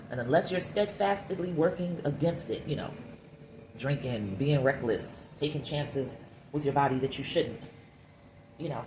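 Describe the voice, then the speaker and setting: A woman sculpting clay while she talks candidly and reflectively to her viewers, calling them y'all. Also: low-pitched. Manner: candid and reflective, musing aloud. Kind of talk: casual talk while sculpting. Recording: steady background noise.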